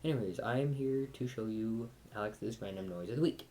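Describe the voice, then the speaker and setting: A man's voice: fairly low pitch, moderate pace, darkish tone, a little hiss or hum. A teenage boy vlogging casually from his bedroom, rambling and joking while he holds a cat. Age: teens. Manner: rambling, jokey, talks to a cat. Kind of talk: casual chat to camera. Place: bedroom at home.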